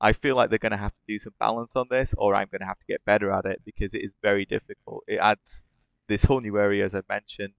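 A man's voice: lowish voice, flat delivery, quick pace, gravelly, clear, resonant tone, dry recording. A man, co-hosting a casual games podcast, talking with enthusiasm and laughing often. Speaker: podcast co-host discussing games. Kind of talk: casual chat.

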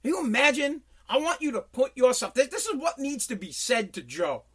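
A man's voice: very high voice, very animated, brisk, fairly bright tone, husky. A man giving a heated, profane political rant as a commentator.

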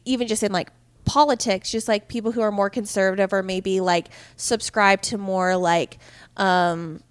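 A woman's voice: mid-range voice, steady tone, moderate pace, smooth, no room sound. A young woman from Utah co-hosting a podcast, chatting casually and rambling with lots of "like" fillers. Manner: rambling, heavy use of "like" fillers. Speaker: podcast co-host. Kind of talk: casual chat.

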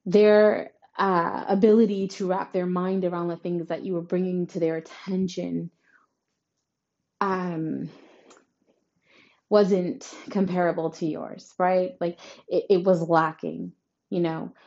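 A woman delivers a horoscope reading at a slow, deliberate pace. Her voice is mellow and dark, and the sound is a little dull and lo-fi. She talks emphatically and reassuringly, tagging her points with "right?". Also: fairly low pitch, level tone, creaky. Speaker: astrology reader. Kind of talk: tarot-style horoscope reading to camera.

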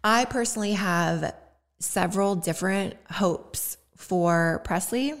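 A woman's voice: medium pitch, takes it slowly. A young woman hosting a podcast, talking heartfelt and personal about her hopes, at times fighting back tears and laughing through them. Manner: heartfelt, tearful at moments, laughing through emotion. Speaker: podcast host. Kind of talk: personal reflective monologue.

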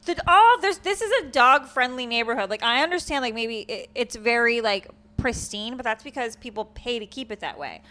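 A woman hosting a podcast, telling animated stories in casual chat and swearing freely. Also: a little high, brisk, hardly any pauses. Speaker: podcast host.

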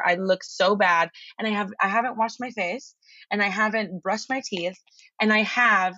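A woman as a podcast guest, telling a long story in a rambling, excitable way with lots of swearing and restarts, over a remote call. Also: mid-range voice, no room sound, muffled recording. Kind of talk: casual storytelling chat.

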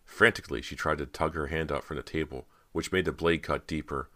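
A male audiobook narrator with a very deep, low-pitched voice tells the story at an even pace. The recording is dry and close, with no room echo. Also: a little fast.

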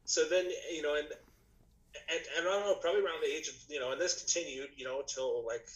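A man chatting as a podcast guest, telling a long story in a loose, rambling way. He restarts sentences often and leans on fillers. His voice is a little rough today. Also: fairly high pitch, a little fast, a bit bright, poor audio. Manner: rambling, many restarts and "you know". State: slightly rough voice, clearing throat. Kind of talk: casual storytelling chat.

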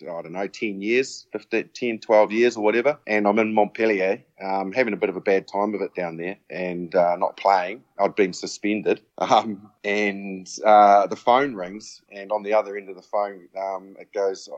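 Low-voiced man telling a story. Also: moderate pace, hardly any pauses, dry recording, muffled recording. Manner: animated storyteller acting out dialogue. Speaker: former rugby player guest. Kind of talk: casual anecdote.

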